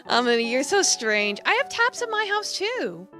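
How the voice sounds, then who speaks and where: A woman's voice: high-pitched, big pitch swings, normal speed, sharp tone, soft background music, pitched above the performer's own voice, heavily acted. A woman voicing a polite, easygoing young female guest in a game.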